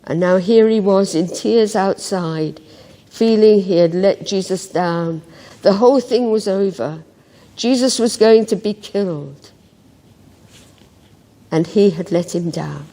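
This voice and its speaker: Brief: unhurried female devotional reader, mellow tone, long church reverb. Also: medium pitch. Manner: slow, gentle storytelling with reflective pauses. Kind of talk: scripted Bible story narration.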